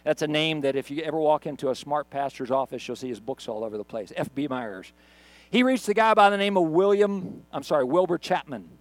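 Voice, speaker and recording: A man's voice: a little high, animated, a little fast, no echo. A middle-aged male pastor preaching a sermon for an online video, in a conversational storytelling manner. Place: church recorded on camera.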